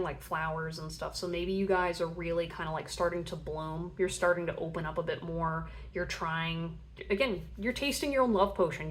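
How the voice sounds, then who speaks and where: Chatty young woman giving a tarot reading. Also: lowish voice. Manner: chatty, rambling, full of fillers; acts out playful voices for imagined people. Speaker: tarot reader.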